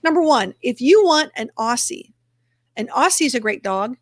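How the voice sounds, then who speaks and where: Upbeat woman host, a touch high-pitched, casual and chatty, talking viewers through her screen. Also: expressive, moderate pace, no echo, studio quality. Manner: chatty and upbeat, narrating her clicks aloud. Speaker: livestream host for a dog rescue community. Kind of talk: casual livestream chat while sharing her screen.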